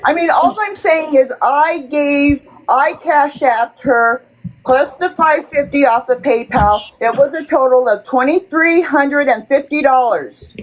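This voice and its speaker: A woman's voice: high voice, measured pace, low-quality recording. A woman insistently defending herself on a livestream in an aggrieved tone. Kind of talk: emotional defensive monologue.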